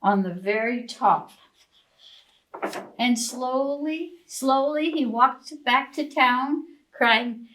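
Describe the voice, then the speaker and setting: Slow sing-song woman reading to preschoolers. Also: sits high, low-quality recording. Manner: slow, sing-song, expressive, asks children questions. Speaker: children's librarian.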